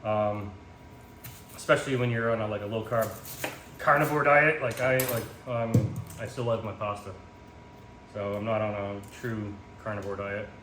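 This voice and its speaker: Lowish-voiced guy rambling and joking while he cooks, phone mic, roomy kitchen, noisy background. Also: steady tone, moderate pace. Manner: rambling, joking, self-mocking, lots of ums. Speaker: home cook vlogger. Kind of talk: casual cooking vlog chat. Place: home kitchen. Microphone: phone camera in portrait mode. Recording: echoey room with background noise.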